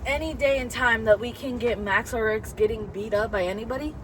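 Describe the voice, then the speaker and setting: A woman's voice: a little high, brisk, a bit bright, slight background noise. A woman co-hosting a casual wrestling review, bantering playfully with her co-host. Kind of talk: casual chat.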